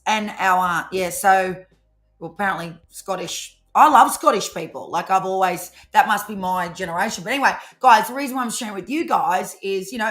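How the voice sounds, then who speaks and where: A woman, co-hosting a live tarot stream in rambling, animated casual chat. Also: medium pitch. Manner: chatty, rambling, animated storytelling. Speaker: tarot reader co-host.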